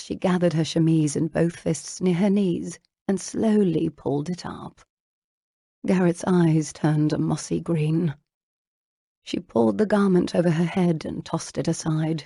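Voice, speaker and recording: Romance narrator, woman: low and husky, dry close sound, slow intimate delivery. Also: dry recording. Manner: slow, intimate, hushed reading. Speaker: audiobook narrator.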